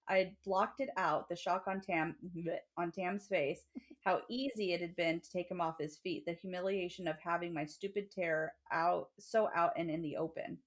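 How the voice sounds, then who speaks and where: A woman's voice: fairly low pitch, normal speed. A woman co-hosting a podcast, chatting animatedly with frequent laughter and swearing, and reading passages from a novel aloud. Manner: animated, profane, laughs often. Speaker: podcast co-host.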